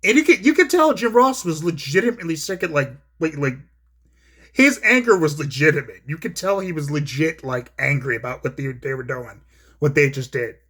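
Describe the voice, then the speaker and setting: A man's voice: on the high side, lively intonation, normal speed, fairly bright tone. A man giving casual wrestling commentary, rambling and profane with many fillers.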